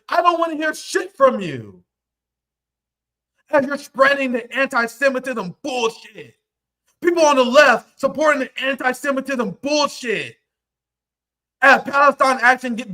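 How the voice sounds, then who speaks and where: Furious high-pitched man ranting live. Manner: angry, profane, often shouting. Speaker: livestream host. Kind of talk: heated livestream rant.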